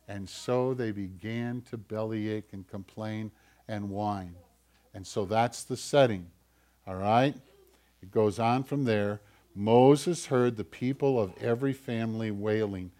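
A man preaching a sermon in an animated way, swinging between loud bursts and quiet asides. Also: mid-range voice. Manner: animated, acts out whiny voices, swings loud and soft. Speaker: pastor.

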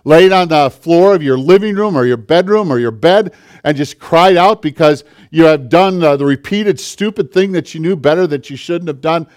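A male pastor preaches passionately, swinging between forceful declarations and hushed, intimate asides. His voice is a little high and his pace is normal.

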